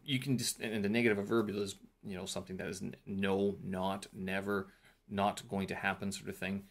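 Low-voiced man rambling through his notes. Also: level tone, fairly quick, creaky. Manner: rambling, thinking aloud with fillers and self-corrections. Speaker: vlogger reviewing a teacher training course. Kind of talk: casual talk-through vlog.

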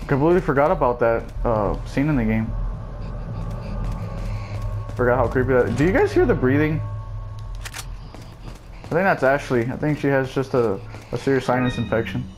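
A young man giving jokey, excitable let's play commentary, with loud bursts of surprise. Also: medium pitch, normal speed, long pauses. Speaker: gameplay commentator. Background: family noise and faint game music.

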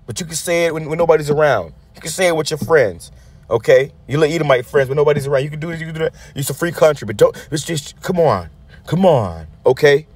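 Fast-talking and expressive, a street preacher with a fairly high, somewhat mellow and husky voice rails against a news clip, and the recording is dry. His sermon-style commentary is angry, blunt and profane, with frequent restarts and a tag word he repeats.

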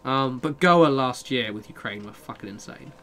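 A man's voice: mid-range voice, lively intonation, moderate pace, fairly bright tone, slight background noise. A young man live-streaming a game, chatting casually with viewers, reading their messages and swearing freely. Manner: chatty, sweary, reads and answers chat.

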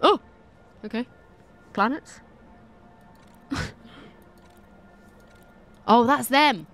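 A young woman streams a game she's never played before, speaking very slowly in a high-ish, fairly bright voice over soft background music. She reacts to everything on screen with lots of giggles and nervous exclamations, spooking easily.

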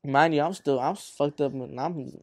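A young man from Arizona tells a story in a loose, rambling way, full of swearing and acted-out quotes. His voice sits a little high but has a mellow, dark tone. The sound is close and dry. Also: normal speed, dry recording. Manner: rambling, profane, acts out quotes. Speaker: rapper guest. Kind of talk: casual interview storytelling.

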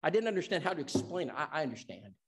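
A man from Tennessee preaches to a congregation with a fairly high, animated voice. He tells stories emphatically and swoops up and down as he presses his points. He drops soft when he wants a line to sink in. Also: rapid-fire, breathy edge. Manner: emphatic storyteller acting out dialogue. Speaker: evangelism seminar teacher. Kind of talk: sermon.

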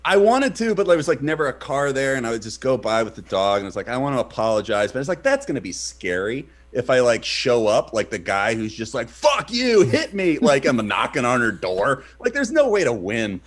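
A man co-hosting a casual podcast, telling a story with lots of fillers and loud, shouted reenactments of what people said. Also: medium pitch, brisk, hardly any pauses. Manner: animated, shouts in reenacted quotes. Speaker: podcast co-host.

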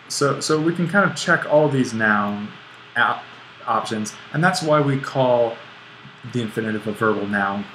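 A man with a bright, forward voice gives a screencast grammar lecture, thinking aloud and catching his own slips as he writes on the board. A faint hiss runs underneath the recording. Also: medium pitch, low-quality recording. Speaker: Greek instructor.

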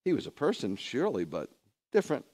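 A man, a rabbi, preaching a lively sermon full of rhetorical questions and conversational asides. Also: medium pitch, fast.

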